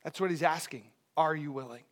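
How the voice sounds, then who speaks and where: A man preaching a sermon, his delivery dropping soft and then rising loud. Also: on the high side, a little fast. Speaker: pastor.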